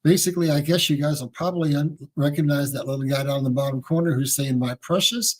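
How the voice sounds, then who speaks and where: A man with a husky voice speaking as an interview guest, explaining in a folksy, emphatic way and addressing listeners as "folks.". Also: on the high side, fairly even intonation, quick pace, darkish tone. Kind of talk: casual explanatory interview talk.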